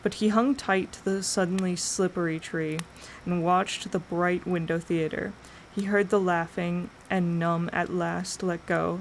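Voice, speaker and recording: A woman streamer reading a novel aloud in slow, deliberate dramatic narration. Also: fairly low pitch, vocal fry, a little hiss or hum, rough recording. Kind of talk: audiobook narration.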